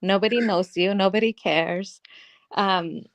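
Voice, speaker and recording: A woman's voice: medium pitch, a little slow, dry recording. A woman co-hosting a live stream, chatting casually about a TV episode and earnestly explaining her points. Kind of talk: casual chat reviewing a TV episode.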